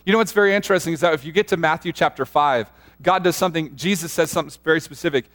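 A man preaching a sermon as a pastor, earnest and animated, often restarting his sentences as he tells stories. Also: on the high side, racing.

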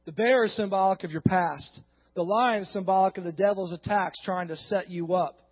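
A man preaching a sermon in a church, retelling a story casually and building into animated exhortation. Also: sits high, normal speed, husky. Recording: dull sound with long hall reverb.

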